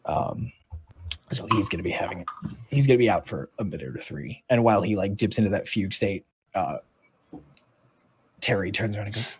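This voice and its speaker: A man's voice: lowish voice, a little fast, long pauses, a little hiss or hum. A man acting as dungeon master, narrating a tabletop game in a casual, rambling way. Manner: casual, rambling with many fillers.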